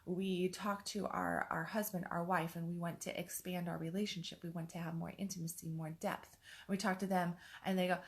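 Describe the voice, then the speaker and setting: A woman's voice: on the low side, fairly even intonation, brisk. A woman in her forties, a life coach, talking candidly in a rambling, raw way and swearing freely. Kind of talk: casual vlog monologue.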